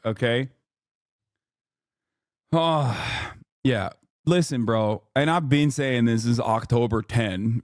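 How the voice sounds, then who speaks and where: A man's voice: fairly high pitch, dry recording, clean studio sound. A man in his thirties giving casual, profane, sarcastic reaction commentary on a video, mocking what he watches.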